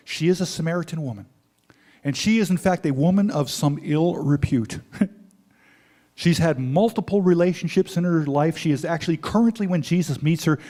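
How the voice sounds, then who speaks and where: A man preaching a sermon, retelling a story in lively, paraphrased dialogue with frequent asides. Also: fairly high pitch. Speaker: pastor.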